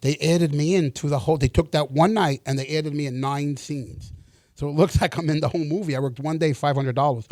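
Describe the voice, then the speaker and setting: A middle-aged actor telling stories in a casual interview, animated, acting out the dialogue and swearing freely. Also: male voice, a little high, no room sound, clean studio sound.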